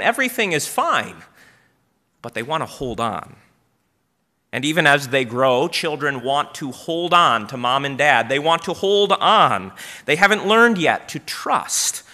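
A man's voice: a little high, sharp tone. A male pastor preaching a storytelling sermon in church, often asking the congregation questions.

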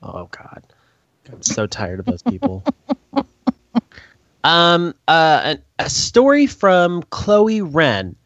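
A man co-hosts a casual podcast, telling work stories with a lively, swooping pitch. He acts out the people in his stories in high, squeaky voices. The recording sounds dull and lo-fi, with a dry, close sound and no room echo. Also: slow, pauses often. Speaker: podcast co-host.

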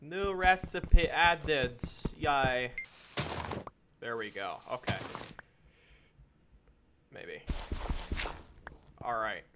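Slow-talking silly gamer guy chatting to his game, noisy recording behind him. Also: mid-range voice. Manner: goofy, talks to game animals and mobs, panicky outbursts. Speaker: gaming channel host. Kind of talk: let's play commentary.

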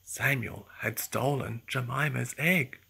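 Storybook reader for kids, slow and expressive, bright but gravelly and breathy, lots of ups and downs. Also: mid-range voice, slight background noise. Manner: expressive, whispery narration. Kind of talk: children's story read-aloud.

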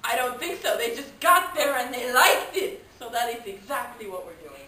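A woman giving a playful mock review in a house, theatrical and swinging between hushed and loud. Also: on the high side, animated, normal speed, roomy sound, far from the mic. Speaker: video reviewer. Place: a house, indoors.

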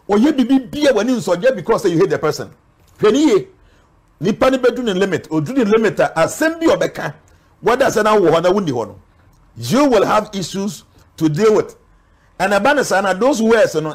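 A man with a Ghanaian accent, a spiritual guest speaking earnestly in an interview, warning and preaching. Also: sits high. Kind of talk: interview talk mixing Twi and English.

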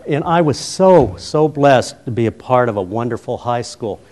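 In a conference hall, a middle-aged keynote speaker from Colorado, USA, who once led a high school, talks on a roving handheld mic at a typical male pitch. He's a funny, animated storyteller who plays out both sides of every exchange, then turns sincere recalling his time as principal.

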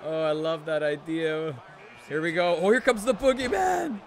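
A man hosting a live stream, excitedly commentating a wrestling video game and reading out viewer messages, shouting at big moves and laughing to himself. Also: on the high side, moderate pace, slight background noise.

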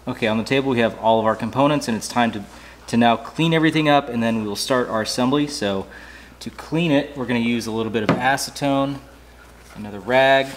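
A man hosting a hands-on repair tutorial, walking through each step in a relaxed way with dry, sarcastic asides. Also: mid-range voice, fairly quick, a little hiss or hum. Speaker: DIY motorcycle repair tutorial host. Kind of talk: casual how-to walkthrough.

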